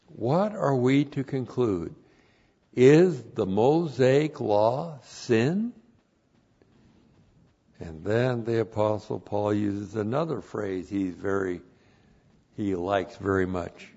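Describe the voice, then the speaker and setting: A male pastor teaching a passage word by word, spelling out Greek terms and bursting into loud emphatic phrases. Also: fairly low pitch, expressive, slow, gravelly, long pauses, lo-fi sound. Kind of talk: expository Bible teaching.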